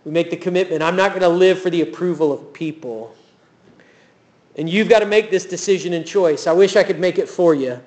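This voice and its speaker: A man with a high voice delivers a sermon in a church. He tells the story with animated energy and acts out the voices of the people in it. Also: fairly quick. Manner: animated storytelling, acting out quotes. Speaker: pastor.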